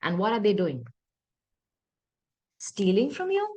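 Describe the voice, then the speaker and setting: A woman's voice: medium pitch, wildly swooping pitch, slow, warm tone, slightly rough. A woman giving a tarot reading, talking earnestly to her viewers and often apologizing or thinking aloud. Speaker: tarot reader.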